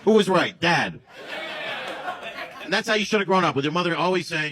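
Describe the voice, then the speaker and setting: Guy doing a raunchy standup set, swearing a lot, voice kinda high for a man, noisy live recording. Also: animated, fairly quick, crowd noise. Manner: crude, swearing, mocking. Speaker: stand-up comedian.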